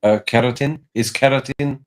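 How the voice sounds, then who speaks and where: A man's voice: medium pitch, fairly even intonation, moderate pace. A man on a live chat panel, answering quiz questions in a chatty way and trading jokes with the host. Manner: chatty, joins in with hummed tunes and jokes. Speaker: panel member.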